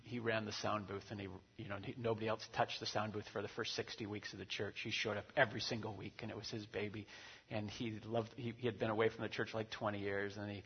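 A man pastor preaching a sermon, animated and acting out quoted voices with big swings in loudness. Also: on the low side, husky. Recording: dull recording with long hall reverb.

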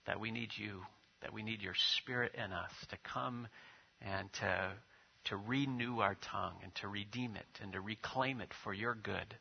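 Male pastor, lowish husky voice, storytelling sermon style; muffled lo-fi church audio. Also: normal speed. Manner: storytelling with acted quotes, leading prayer and liturgy.

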